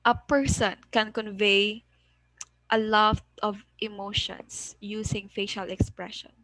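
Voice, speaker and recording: A woman's voice: medium pitch, flat delivery, sharp tone, no echo, low-quality recording. A woman teacher reviewing a lesson, mixing English and Cebuano and often checking in with "okay?". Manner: slow, deliberate, switching between English and Cebuano, frequent "okay?" checks.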